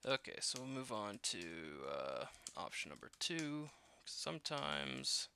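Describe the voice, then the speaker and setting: In a relaxed walkthrough, this man live-codes a game and thinks out loud, peppering it with fillers and jokes at his own expense. His mid-range voice is sing-song and unhurried, with vocal fry and a pushed, bright quality. A little hiss or hum can be heard.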